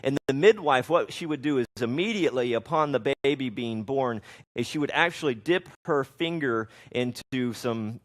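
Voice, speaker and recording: A man's voice: mid-range voice, expressive, normal speed. A man in his thirties, a pastor, preaching a conversational sermon on parenting and reading scripture aloud, with frequent restarts.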